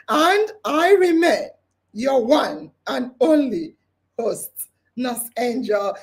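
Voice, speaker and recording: A woman hosting a live online hangout, excited and tearful, laughing as she reads out listener comments. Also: high voice. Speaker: podcast host.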